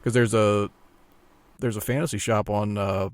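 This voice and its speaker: Fairly low-voiced guy on a podcast, chill, cusses, trips over his words a bit. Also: steady tone, smooth. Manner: laid-back, profane, halting with restarts. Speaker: podcast co-host. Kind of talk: casual chat.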